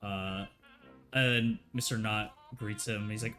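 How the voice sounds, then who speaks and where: A man's voice: fairly low pitch, steady tone, slow, pushed and bright, faint music behind. A man narrating a tabletop horror game as game master, hesitant, with lots of fillers, slipping into character voices.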